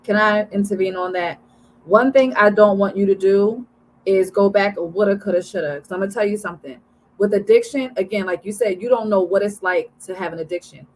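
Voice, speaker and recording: A woman's voice: medium pitch, fairly quick, a little mellow, rough recording. A woman hosting an interview with a mid-range voice. She speaks emphatically and reassuringly, stacking repeated phrases to drive her point home. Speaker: host.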